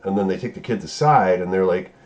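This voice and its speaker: Male reviewer, fairly low voice, casual recap full of swearing and sarcastic disbelief. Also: fairly quick, darkish tone. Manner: profane, sarcastic, exasperated; incredulous outbursts. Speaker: show reviewer.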